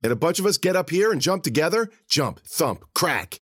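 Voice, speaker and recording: A man voicing a brash, reckless teenage boy who shouts bossy orders in a raised voice. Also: a little high, very animated, moderate pace, husky, dry recording, studio quality, voice pushed up. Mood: scheming.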